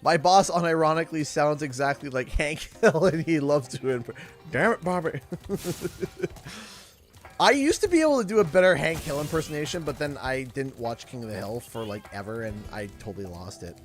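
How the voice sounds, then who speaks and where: A man's voice: fairly high pitch, animated, brisk, hardly any pauses, faint music behind. Canadian guy chatting on stream. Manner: rambling, stumbling over his words. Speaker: streamer and host. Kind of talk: casual live-stream chat.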